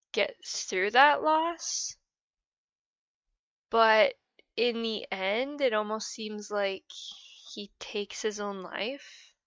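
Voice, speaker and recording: A woman hosting a gaming channel, talking through her feelings about a game in a hesitant, rambling, soft and emotional way. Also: mid-range voice, clean tone, dry recording, dull audio. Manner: hesitant, rambling, many "I don't know"s. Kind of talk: casual post-game reflection.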